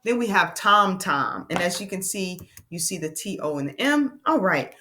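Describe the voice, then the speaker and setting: A woman teacher giving a lesson to young learners, patient and encouraging, calling them friends and slowing down to spell out sounds. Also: lowish voice, lively intonation, pushed and bright, a little hiss or hum.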